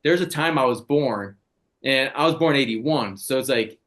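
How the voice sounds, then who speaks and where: A man's voice: medium pitch, normal speed, fairly bright tone. A man in his forties, a podcast co-host, telling stories in blunt, profane casual chat. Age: 40s.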